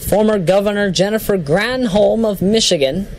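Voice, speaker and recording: A man's voice: high-pitched, moderate pace, a little hiss or hum, low-quality recording. A man giving casual political commentary who jokes, stumbles over names and laughs at himself. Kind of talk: casual commentary reading a list.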